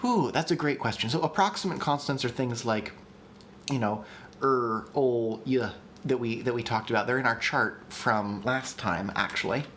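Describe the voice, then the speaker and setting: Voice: medium pitch, brisk, few pauses, a bit bright, slight background noise. A livestream host teaching language creation in a chatty, enthusiastic way, with frequent ums and restarts. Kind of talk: casual livestream lesson.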